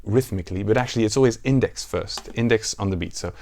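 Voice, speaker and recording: A man teaching a ukulele song, counting beats aloud and explaining the plucking pattern in a relaxed, casual way. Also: on the low side, fast. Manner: counts beats aloud and sings lines softly. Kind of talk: music tutorial with counting and singing. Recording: ukulele music under the voice. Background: ukulele playing.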